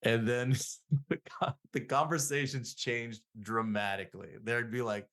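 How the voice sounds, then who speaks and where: A man's voice: medium pitch, fairly even intonation, a little slow, a bit bright. A middle-aged man, a psychotherapist guest, telling rambling self-deprecating stories in a casual interview.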